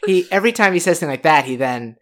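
A man's voice: on the high side, animated. Chatty, self-deprecating man. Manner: rambling, self-deprecating, quick to imitate voices. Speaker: podcast co-host. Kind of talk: casual chat.

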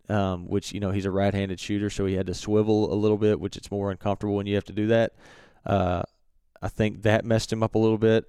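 A young man telling a hunting story in a relaxed, halting way with many fillers and restarts. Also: fairly low pitch, clean tone, no room sound, clean studio sound. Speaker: turkey hunter recounting a hunt. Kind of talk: casual storytelling.

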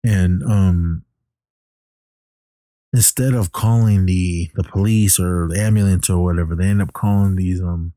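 Deep, dark-voiced man rambling through a movie recap. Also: steady tone, a little slow, no echo, studio quality. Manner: rambling, many fillers and restarts. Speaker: film recapper. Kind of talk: casual movie plot recap.

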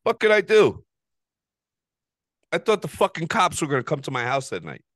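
A man hosting a podcast, telling a story in a casual, profane, animated way and laughing often. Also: fairly high pitch, moderate pace, no echo, studio quality. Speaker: podcast host.

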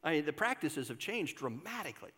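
A man's voice: on the high side, very animated, fairly quick, sharp tone, slightly rough, big-room sound. An older man, a pastor, giving a conversational sermon and asking the congregation questions. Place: church sanctuary.

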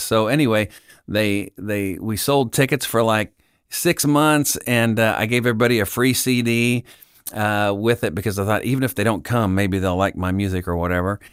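A middle-aged man from Kansas, a podcast guest telling a story in casual chat, acting out the dialogue with lively voices. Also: fairly low pitch, normal speed, clean tone, dry recording, clean studio sound. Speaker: podcast guest, Christian singer-songwriter.

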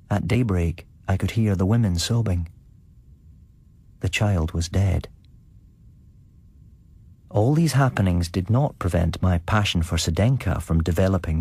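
A man narrating a ghost story on his podcast in a measured, suspenseful way. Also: low voice, a little mellow, slightly rough, no room sound. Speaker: podcast host and story reader.

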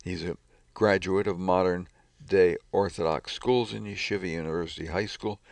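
A man reading news articles aloud in a measured, scripted way. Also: deep voice, no echo.

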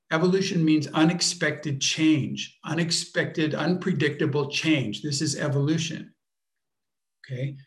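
A man teaching a workshop off the cuff, speaking deliberately and searching for words with frequent restarts. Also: on the high side. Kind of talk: unscripted workshop talk.

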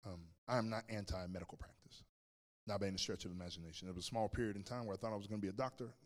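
With a lowish voice and fairly even intonation, the pastor delivers his sermon rapid-fire. He recounts a personal story with humor, speaking directly to the congregation, and the large hall gives a long reverb.

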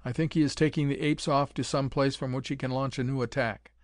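A man reading an audiobook, voicing a bold young male adventurer in a firm, steady way close to his own voice. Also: medium pitch, a little fast, no room sound, close to an everyday voice.

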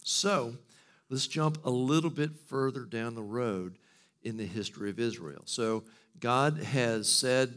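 Middle-aged man preaching, casual and joking, lively storyteller. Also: medium pitch, measured pace. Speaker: pastor. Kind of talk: sermon.

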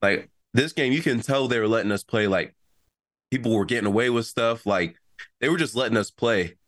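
Young male athlete, relaxed storyteller, voices the quotes, dry room. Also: mid-range voice, brisk, no echo. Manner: animated storytelling, acts out quotes. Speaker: college football player. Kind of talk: casual chat.

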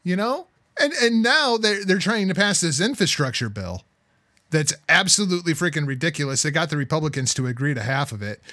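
A man co-hosting a heated political talk podcast, profane and exasperated, swinging between loud outbursts and low muttering. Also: expressive, a little fast, no room sound, clean studio sound. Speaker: podcast co-host.

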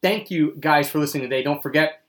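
A man's voice: a little high, quick pace. A man co-hosting a casual travel podcast, upbeat, chatting about a trip and reading sponsor plugs. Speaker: podcast co-host.

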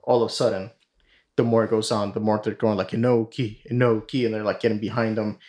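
A man's voice: fairly low pitch, level tone, quick pace, darkish tone. A man hosting a podcast, casually retelling a story in a rambling way full of fillers and swearing. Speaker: podcast host.

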